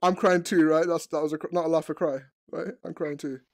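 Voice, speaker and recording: A man's voice: a little high, fairly even intonation, brisk, darkish tone, no echo, clean studio sound. A man hosting a gaming comedy channel, teasing and crude in comedic virtual-world role-play, often breaking into laughter.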